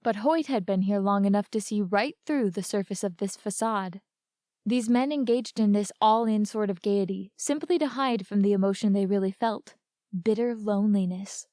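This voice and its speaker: A woman giving a live reading of an adventure story in a measured, expressive storytelling voice. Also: medium pitch, no room sound, clean studio sound. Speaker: narrator reading a book.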